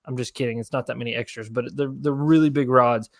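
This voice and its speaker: A man's voice: medium pitch, fairly even intonation, fast, dry recording, clean studio sound. A young man hosting a casual fishing livestream and answering viewer questions in a laid-back, rambling way. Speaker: fishing channel host.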